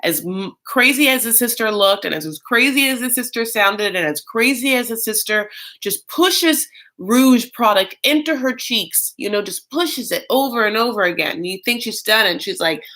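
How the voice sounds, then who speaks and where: Chatty, bright-voiced male reaction host. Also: high voice, moderate pace, hardly any pauses. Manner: chatty and animated, many fillers, bursts of mock voices. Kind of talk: casual live reaction commentary.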